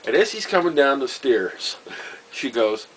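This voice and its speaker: A man, telling a personal story in a rambling, halting way, full of fillers and wry chuckles. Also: medium pitch, very animated, slightly rough, poor audio. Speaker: vlogger. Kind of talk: casual storytelling monologue.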